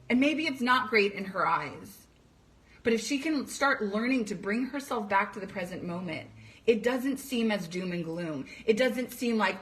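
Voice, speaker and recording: A woman's voice: medium pitch, animated, normal speed, fairly bright tone. A young woman coach talking earnestly to parents, emphatic and direct, sometimes acting out panicked voices. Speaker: coach for teenage girls. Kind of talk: direct-to-camera talk to parents.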